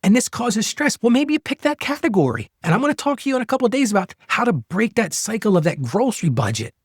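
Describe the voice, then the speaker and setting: A middle-aged man with a husky voice gives earnest advice on money and marriage. His pitch swings widely as he coaches and repeats key phrases for emphasis, and the recording is dry and close. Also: sing-song, fast talker, dry recording. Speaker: podcast host. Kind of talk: faith-based money advice talk.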